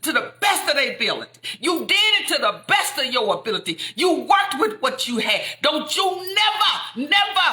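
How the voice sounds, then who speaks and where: A woman preaching fervently, repeating lines and building up to shouts. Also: sits high, sing-song, normal speed, hardly any pauses, echoey room. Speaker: inspirational speaker. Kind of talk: impassioned preaching.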